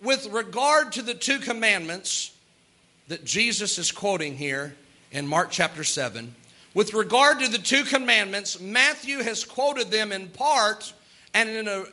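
A man preaching a sermon as pastor, earnest, with quick asides and little laughs. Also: high-pitched, lively intonation, sharp tone.

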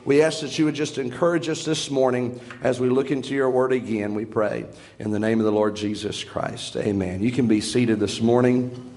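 A man preaching as pastor, praying and then starting a sermon, earnest and halting, with restarts and fillers. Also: mid-range voice, fairly even intonation, a little mellow. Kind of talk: prayer and sermon. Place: church sanctuary.

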